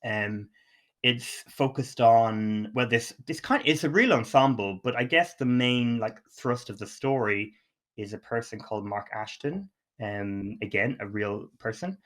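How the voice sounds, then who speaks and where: A man's voice: mid-range voice, expressive, a little slow. Chatty man gushing about films. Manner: enthusiastic, rambling with restarts. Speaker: podcast co-host. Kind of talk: casual film chat.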